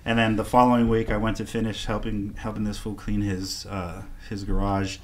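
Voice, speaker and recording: A man's voice: lowish voice, moderate pace, slight background noise. A man, a guest casually telling a story and acting out the other people in it. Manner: animated storyteller acting out quoted dialogue. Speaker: podcast guest, artist.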